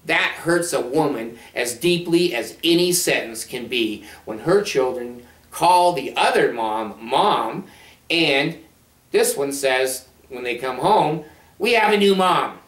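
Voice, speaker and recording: Blunt sardonic man, distant roomy mic. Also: a little high. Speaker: counselor. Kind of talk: casual monologue to camera.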